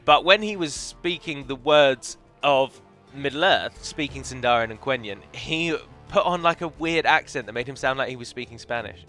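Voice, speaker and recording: A man chatting his way through a strategy game with a bright, forceful voice, wandering into opinionated tangents. His tone sits mid-range, and faint game music plays underneath. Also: mid-range voice, normal speed, few pauses. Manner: chatty, rambling, opinionated asides. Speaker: game modder and let's player. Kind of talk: casual gameplay commentary.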